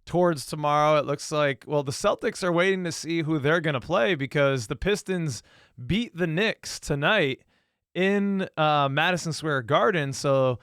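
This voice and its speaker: A man's voice: fairly high pitch, measured pace, a bit bright, smooth, no room sound, clean studio sound. A man co-hosting a casual sports podcast, joking and teasing his cousin in an easygoing way. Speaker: podcast co-host.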